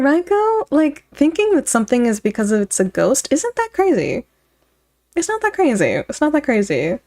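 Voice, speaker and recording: A woman's voice: mid-range voice, creaky. Giggly woman streamer chatting. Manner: giggly, chatty, talks to chat. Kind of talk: casual reaction chat.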